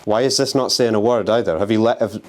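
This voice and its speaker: A man's voice: fairly low pitch, steady tone, quick pace, a little mellow. A young man vlogging as he explores an abandoned house, talking restlessly and swearing while he taunts the spirits. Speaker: urban explorer and ghost hunter. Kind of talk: handheld exploring vlog. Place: abandoned house on a windy day.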